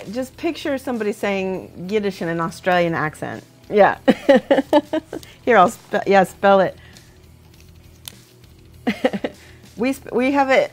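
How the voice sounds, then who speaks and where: A woman in casual livestream chat, talking through her work as she goes. She laughs often and thinks aloud in a voice of middling pitch. Soft music plays faintly behind her. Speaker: livestream host painting models. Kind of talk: casual chat while working.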